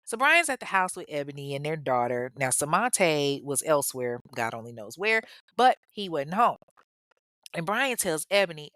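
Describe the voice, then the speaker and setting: A woman hosts a podcast and tells a true-crime story in a casual, sassy way, full of profane jokes. Her pitch rises and falls freely. The recording is close and dry, with no room sound. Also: big pitch swings, moderate pace, fairly bright tone, no room sound. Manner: sassy, profane, humorous asides. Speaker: podcast host.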